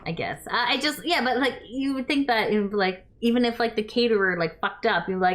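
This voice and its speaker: A woman's voice: on the high side, a little fast, hardly any pauses, a bit bright. A young woman co-hosting a show reviewing a TV series, talking in a sarcastic, casual way with lots of ums and some swearing.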